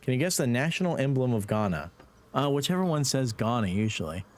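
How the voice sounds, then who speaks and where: Lively Irish man streaming a game. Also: mid-range voice, brisk. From Ireland. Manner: playful, swears, laughs, talks to chat. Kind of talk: live gaming stream chat.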